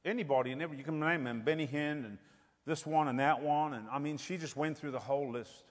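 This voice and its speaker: A man preaching a sermon with a fairly high voice, with a long reverb trailing behind him as if in a large hall. He tells his stories in a storytelling way, then swells into loud, fervent exclamations. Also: fast.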